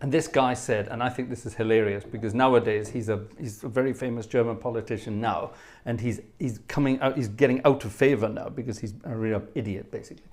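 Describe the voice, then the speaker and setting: A man's voice: medium pitch, steady tone, fast talker, a little mellow. Chatty man telling anecdotes. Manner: chatty anecdotal storytelling, self-deprecating asides. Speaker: livestream host and organist. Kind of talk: casual chat.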